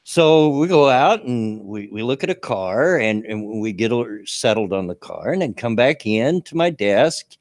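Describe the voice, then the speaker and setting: A man's voice: mid-range voice, lively intonation, a little slow, no room sound. A man hosting a casual talk show, telling a story with frequent chuckles and restarts. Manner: chatty, laughs through his own story, frequent restarts.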